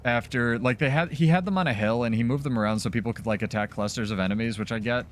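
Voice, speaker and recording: A man's voice: mid-range voice, fast talker, faint music behind. A man talking casually as a streamer during live gameplay, loose and chatty with many fillers.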